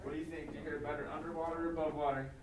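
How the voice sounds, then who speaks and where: A man's voice: a little high, level tone, racing, a crowd in the background. Male teacher, classroom lesson, call-and-response drills, lots of "okay", distant mic, echoey room. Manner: frequent "okay" fillers, repeats prompts. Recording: echoey classroom from far off, faint noise.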